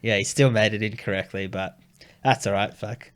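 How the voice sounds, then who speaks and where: A man's voice: on the low side, normal speed. A young man, a comedian chatting casually on a podcast, telling stories animatedly and swearing freely. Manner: animated storyteller, swears freely, acts out voices.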